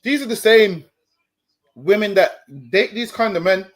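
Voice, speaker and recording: A man with a high voice lectures his listeners on a stream. He talks in a preachy way, stumbles over repeated words and keeps coming back to "listen, man.". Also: measured pace. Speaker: street preacher co-host. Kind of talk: stream discussion.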